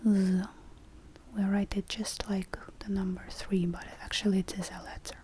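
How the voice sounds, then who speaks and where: A woman, teaching the alphabet in a soft whispered role-play, spelling letters slowly and deliberately. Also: medium pitch, level tone, a little hiss or hum. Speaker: language teacher.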